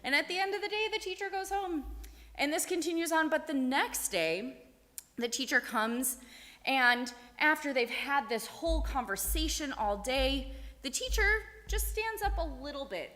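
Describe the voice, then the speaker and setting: A woman telling a story to a group of children, animated and asking them questions along the way, in a synagogue sanctuary. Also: high-pitched, moderate pace. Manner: animated, asks the kids questions. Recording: echoey hall.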